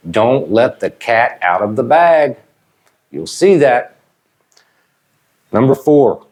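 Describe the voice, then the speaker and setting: Deliberate man teaching. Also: lowish voice, a little mellow. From Ohio, USA. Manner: slow, deliberate, checks in with "okay?". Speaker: English teacher. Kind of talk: whiteboard lesson explaining slang.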